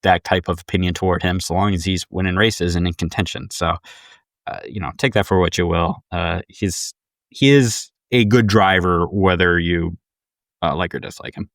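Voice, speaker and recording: A man's voice: low voice, steady tone, normal speed, fairly bright tone, no room sound, studio quality. A man co-hosting a podcast in casual chat, talking with many fillers and restarts. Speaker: podcast co-host.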